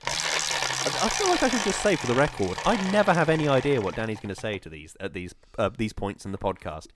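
A man's voice: medium pitch, big pitch swings, fast, noisy background. A man co-hosting a podcast, chatting playfully and mocking himself, with stammering restarts. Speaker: podcast co-host. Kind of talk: casual podcast chat.

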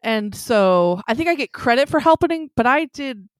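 A woman's voice: a little high, moderate pace, no echo, studio quality. Chatty woman acting out her quotes. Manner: animated storyteller acting out quotes. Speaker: friend chatting. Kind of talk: casual chat.

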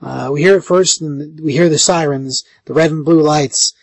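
A man co-hosting a podcast, recapping a comic book in casual, animated talk and jumping in with plot details. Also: on the high side, moderate pace, gravelly, dry recording. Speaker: podcast co-host.

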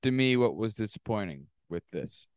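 A man co-hosting a podcast, chatting casually, animated and mimicking people he describes. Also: lowish voice, moderate pace, smooth, no echo, studio quality. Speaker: podcast co-host. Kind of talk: casual recap chat.

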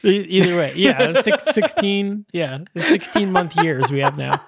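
A man co-hosting a podcast in casual chat, joking and quick to laugh. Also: high-pitched, animated, creaky, noisy background. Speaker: podcast co-host.

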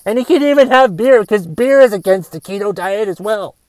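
A man's voice: high-pitched, lively intonation, fast talker, warm tone, dry recording. A man voicing an irritated adult man who rants with incredulous, profane questions about a friend's diet. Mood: exasperated. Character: exasperated adult man ranting about diets. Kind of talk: comic rant in character.

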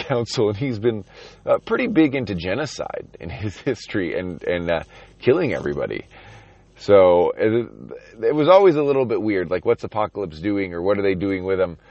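A man's voice: lowish voice, darkish tone, no room sound, dull audio. A man talking casually about a comic book, rambling with restarts and reading passages aloud.

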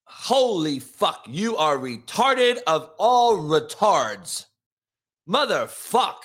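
A man's voice: high voice, sing-song, very slow. A man from Compton ranting crudely and mockingly in a commentary vlog. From Compton, California, USA. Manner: crude, mocking, loud, laughs at own jokes. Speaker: vlogger.

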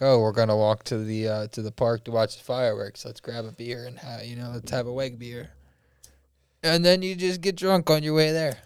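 A man's voice: fairly low pitch, a little mellow, smooth, no echo, clean studio sound. A man hosting a casual podcast, rambling through a word game and laughing often. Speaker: podcast host.

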